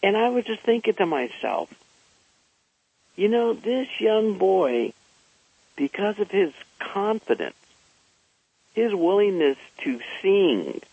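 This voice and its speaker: Man, storyteller, slow and gravelly, husky, dry lo-fi recording. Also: sits high, big pitch swings, no room sound. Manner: slow, unhurried and conversational. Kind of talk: personal storytelling. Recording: slightly dull lo-fi recording.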